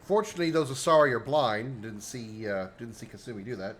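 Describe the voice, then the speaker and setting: A man's voice: medium pitch, fairly quick, low-quality recording. Joking male game streamer. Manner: joking, rambling, chatty with chat. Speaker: livestreamer. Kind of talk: casual gameplay commentary.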